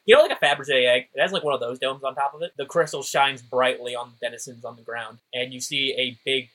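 A man's voice: mid-range voice, fast talker, fairly bright tone, low-quality recording. A man narrating as game master in a tabletop game, rambling loosely with many fillers.

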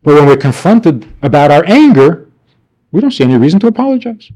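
A man's voice: a little high, sing-song, brisk, mellow, husky. A man teaching a class, asking rhetorical questions and answering them himself with wry, mock-indignant asides. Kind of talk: class lecture.

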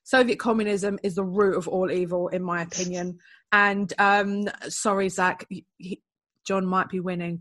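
A woman with a British accent judging on a podcast, chatty, bubbly and quick to laugh. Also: medium pitch, fairly bright tone. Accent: British English. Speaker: podcast judge. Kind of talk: casual chat.

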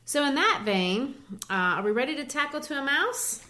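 A woman's voice: sits high, big pitch swings, moderate pace, pushed and bright. Woman explaining poetry in casual chat. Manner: explanatory, teacherly, with restarts.

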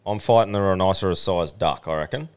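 A man's voice: low voice, fast, a little mellow, clean tone. An Australian man co-hosting a podcast, chatting in a laid-back, swearing way and laughing often. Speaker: podcast co-host. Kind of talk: casual chat.

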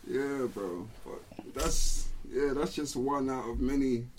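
A man's voice: mid-range voice, takes it slowly, a little mellow, slight background noise. Laid-back young London man, slightly distant. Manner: laid-back, fills with "you know what I mean". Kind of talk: casual storytelling chat.

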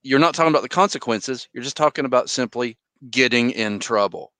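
A man's voice: medium pitch, a little fast, a bit bright, dry recording. A man in casual conversation, agreeing and adding his thoughts. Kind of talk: casual chat.

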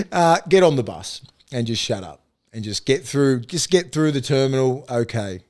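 A man's voice: medium pitch, big pitch swings, measured pace, a little mellow. A man with an Australian accent, a former rugby league player, telling rambling, profane anecdotes with frequent laughter in a casual podcast chat.

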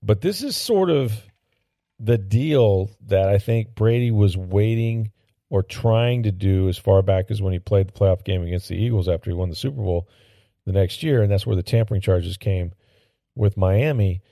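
Gravelly, low-voiced sports talk man. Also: moderate pace, mellow, dry recording, clean studio sound. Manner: rambling and opinionated, with frequent fillers and restarts. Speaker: sports podcast host. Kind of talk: casual sports talk commentary.

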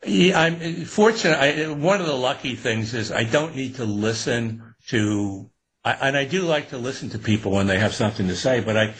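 An older man with a husky voice, answering interview questions casually. He rambles and restarts, unbothered. Relaxed, easygoing delivery. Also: mid-range voice, normal speed. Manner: relaxed, rambling, laughs often. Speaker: author guest.

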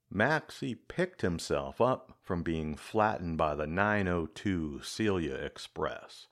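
A man hosting and narrating a scripted story in a measured, dramatic way. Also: deep voice, expressive, a bit bright, soft background music. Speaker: host and narrator.

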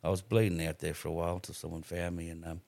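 A middle-aged Australian man with a very low voice tells a story casually, swearing freely and rambling through restarts. He is recorded close and dry with no room sound. He is a podcast guest. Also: flat delivery, fast talker, vocal fry, a little mellow, no room sound.

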